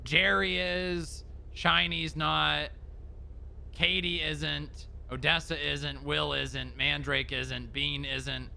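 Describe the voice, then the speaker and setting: A man's voice: fairly high pitch, flat delivery, takes it slowly, creaky, sharp tone. A man streaming in-character role-play chat, joking and swearing casually. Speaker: streamer playing an agent.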